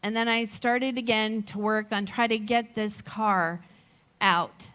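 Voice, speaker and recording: A middle-aged woman giving a sermon, slow and reflective, telling a personal story with gentle laughs. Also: medium pitch, steady tone, smooth. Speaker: speaker at a Sunday service.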